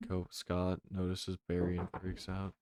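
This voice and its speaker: Deep, sleepy male narrator, droning comic script read, slow and dark. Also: smooth. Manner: drowsy monotone.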